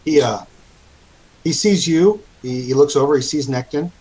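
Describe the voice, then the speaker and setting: A man narrating as game master of a tabletop game, halting often with fillers and restarts. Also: on the high side, darkish tone, rough recording.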